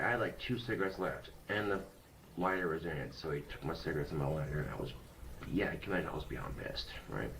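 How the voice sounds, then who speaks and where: A man's voice: on the low side, a little fast, slight background noise, low-quality recording. A young man talking casually into a webcam, rambling and blunt, swearing often. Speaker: vlogger.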